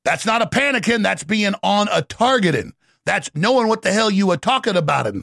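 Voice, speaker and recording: A man with a raised, rough, gravelly voice rants and shouts on a political talk show. He mocks people as he goes, and the sound is close and dry with no room echo. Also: high voice, animated, brisk. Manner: gravelly, shouting, mocking impressions. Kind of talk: ranting political commentary.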